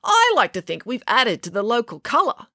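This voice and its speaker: A woman doing a quick-witted girl who teases with dry, mocking understatement. Her voice sits a little higher than a grown woman's and rises and falls expressively. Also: wildly swooping pitch, sharp tone, dry recording, exaggerated voice. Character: sardonic teasing schoolgirl.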